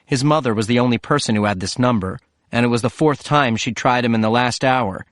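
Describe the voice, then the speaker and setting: A man with a mid-range voice reads scripted audiobook narration in a steady, measured way. The studio sound is clean with no echo.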